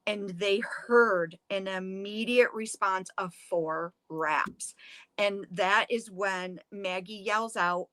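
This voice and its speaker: A woman's voice: medium pitch, dry recording. A middle-aged woman, a museum director, telling a historical story with drama and acting out the quotes. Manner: animated, acts out the quotes.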